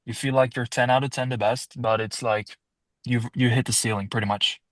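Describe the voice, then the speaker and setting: Calm male salesman who probes and sums up what he hears, dry close mic. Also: medium pitch, brisk, dry recording, poor audio. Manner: calm, questioning, restates answers. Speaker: salesperson in roleplay. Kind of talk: sales call roleplay.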